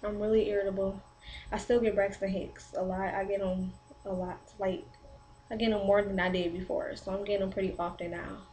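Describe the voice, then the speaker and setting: A woman's voice: mid-range voice, fairly quick, a little hiss or hum, rough recording. A pregnant teenage girl vlogging, telling a long rambling story about her little sister with lots of "like" fillers. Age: 17 to 19, teen. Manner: rambling, animated retelling with many "like" fillers. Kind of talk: casual storytelling vlog.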